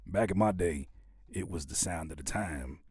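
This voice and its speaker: Man playing preachy old-timer, low and drawly, dry mic. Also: normal speed, darkish tone, breathy edge, dry recording. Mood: grumbling. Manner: drawling, preachy, repeats himself. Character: grumbling old man reminiscing, scolding youngsters.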